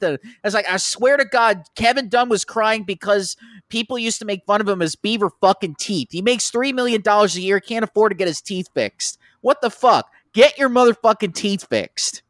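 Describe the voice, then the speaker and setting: A man's voice: high-pitched, expressive, moderate pace, a bit bright, dry recording, studio quality. A man ranting and cursing in casual podcast chat, acting out the people he quotes.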